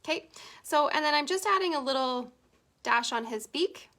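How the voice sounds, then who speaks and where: A woman's voice: high voice, lively intonation, moderate pace, pushed and bright. A middle-aged Canadian woman chatting with viewers as she teaches a painting tutorial, giggling often. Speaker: painting instructor. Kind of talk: casual live painting tutorial.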